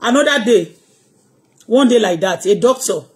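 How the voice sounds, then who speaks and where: A woman's voice: a little high, lively intonation, moderate pace. A Nigerian-accented woman on a live-stream vlog, telling long anecdotes emphatically, with frequent asides. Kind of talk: casual live-stream storytelling.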